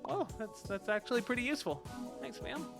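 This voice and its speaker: A man's voice: very high voice, lively intonation, fairly quick, over music, pitched above the performer's own voice. A man voicing a small, timid young hermit crab hero who stammers nervously in a video game.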